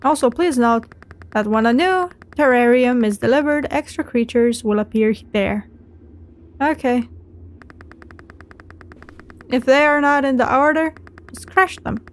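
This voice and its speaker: High-voiced swearing woman gaming. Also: a little slow, long pauses. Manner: swearing, excitable, talks to the game. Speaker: gamer. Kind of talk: let's play commentary.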